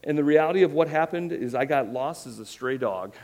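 A man delivers a sermon in a fairly high voice. He is earnest and emphatic, and he mixes in self-deprecating humor. He presses his points home with conviction. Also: expressive, fairly quick, darkish tone. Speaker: pastor.

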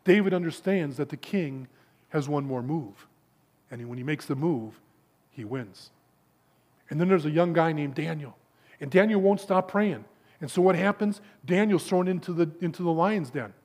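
A man preaching a sermon to a gathering of men, telling stories with stammered repeats and dropping to a hushed low for emphasis. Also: animated, moderate pace.

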